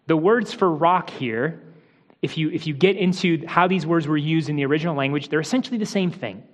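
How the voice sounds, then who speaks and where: A man delivers a teaching sermon in a high, light voice. He explains carefully, restarting phrases and dropping softer for quoted words. His voice rings with the long reverb of a large hall. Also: brisk. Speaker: pastor.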